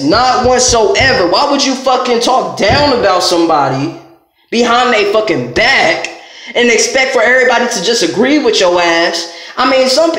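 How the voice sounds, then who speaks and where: High-voiced man ranting in an echoey room. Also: fairly bright tone. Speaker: vlogger. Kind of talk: heated profane rant to camera.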